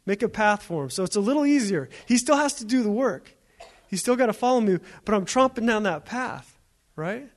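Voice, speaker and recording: A man's voice: high-pitched, expressive, a little fast. A man preaching a sermon as a pastor, in a conversational storytelling way with repeated phrases.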